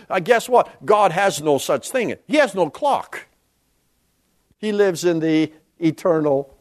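High-voiced, slow-preaching man. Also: sing-song. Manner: reads scripture aloud with sweeping rises and drops in pitch. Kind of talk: sermon.

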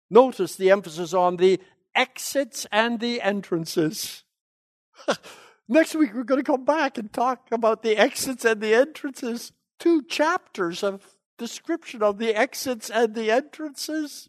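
Male Bible lecturer with a high voice, emphatic classroom delivery and rhetorical questions, in a dry room. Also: dry recording. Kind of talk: teaching lecture.

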